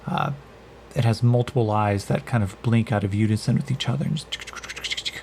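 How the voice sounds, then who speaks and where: A man narrating a solo tabletop game as game master, in an unhurried, hesitant way with many pauses. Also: medium pitch, gravelly, a little mellow, slight background noise.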